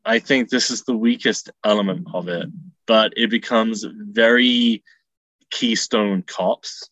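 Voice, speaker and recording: A man co-hosting a film podcast, talking in a measured, hesitant way. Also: lowish voice, fairly even intonation, a bit bright, dry recording, dull audio. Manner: measured, hesitant, uses many fillers. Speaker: podcast co-host. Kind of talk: casual film analysis chat.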